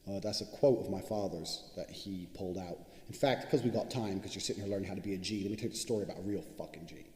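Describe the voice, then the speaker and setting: A man's voice: low voice, darkish tone. A man giving an unscripted motivational talk as a course instructor, swearing often and boasting as he tells stories. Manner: profane, boastful, rapid storytelling. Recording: echoey room with long reverb.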